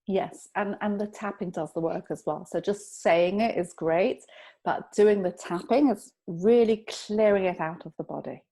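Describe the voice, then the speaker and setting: A woman guest on a podcast, calmly explaining a self-help technique and telling anecdotes in an instructive way. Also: medium pitch, moderate pace. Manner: calm, instructive, tells anecdotes. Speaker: EFT tapping practitioner, guest. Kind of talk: explaining in an interview.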